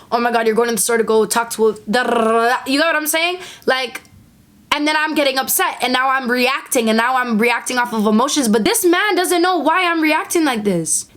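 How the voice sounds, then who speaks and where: A woman's voice: on the high side, fairly bright tone. A young woman talking candidly to her phone camera, giving emphatic, repetitive self-help advice and acting out quoted voices. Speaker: content creator.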